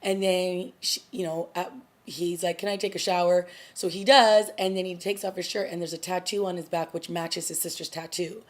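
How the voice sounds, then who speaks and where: A woman with a fairly low-pitched voice talks through a TV episode in a loose, chatty vlog recap. She is a young adult who retells the plot casually, leaning on "like" and "you know" as she goes. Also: steady tone, moderate pace. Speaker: TV review vlogger.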